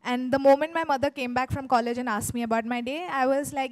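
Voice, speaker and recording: A woman telling a comic story on stage, animated, with dramatic pauses. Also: high-pitched, dry recording, low-quality recording.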